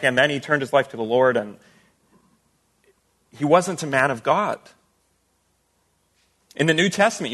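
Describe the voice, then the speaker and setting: A man's voice: medium pitch, fairly bright tone, breathy edge. A man preaching a sermon as a pastor, talking casually and asking the listeners rhetorical questions. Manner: conversational teaching with rhetorical questions.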